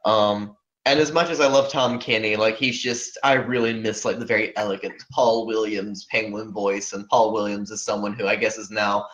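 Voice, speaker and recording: A man's voice: fairly low pitch, steady tone, moderate pace, fairly bright tone. A man co-hosting a podcast in casual chat, rambling and hedging as he talks. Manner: rambling, with many fillers and hedges. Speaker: podcast co-host. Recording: muffled lo-fi podcast audio.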